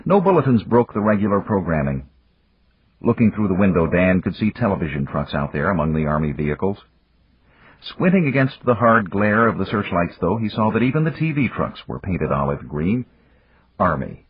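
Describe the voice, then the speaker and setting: Deep husky male audiobook narrator. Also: sing-song, moderate pace, no room sound. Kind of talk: scripted narration. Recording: dull lo-fi dry recording.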